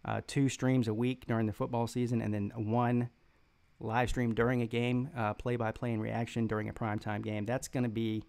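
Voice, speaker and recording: Southern US male stream host, rambling mocking trash talk, lots of uhs, a rough fry in the voice. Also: medium pitch, level tone, darkish tone. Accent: Southern American. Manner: rambling, halting, with many fillers and restarts. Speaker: sports live-stream host. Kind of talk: live-stream chat reading viewer comments.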